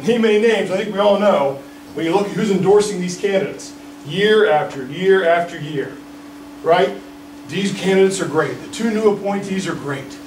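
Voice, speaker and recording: A fairly high-voiced man, a political candidate, gives an indignant, storytelling speech at a press conference and keeps checking in with the crowd. His voice reaches the microphone from a distance, and a roomy echo and faint background hum are clear behind him.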